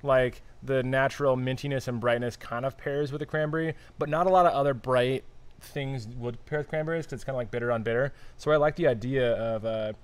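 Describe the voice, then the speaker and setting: A man's voice: mid-range voice, fairly even intonation, fairly quick, smooth. A man co-hosting a casual live-stream chat, musing aloud and often trailing off and restarting. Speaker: podcast co-host.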